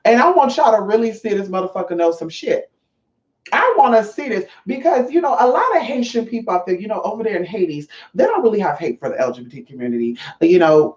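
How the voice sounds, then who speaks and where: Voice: medium pitch, darkish tone. Sassy talker, profane, casual vlog chat, echoey room, slightly muffled sound. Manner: sassy, profane and chatty, addressing viewers as y'all. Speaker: spiritual vlogger. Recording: roomy, slightly dull sound.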